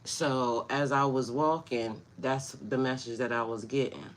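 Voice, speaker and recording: A woman's voice: extremely low pitch, steady tone, measured pace, slight background noise. A woman spiritual coach talking casually on a livestream, laughing often and greeting her viewers by name. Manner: loose, chatty storytelling.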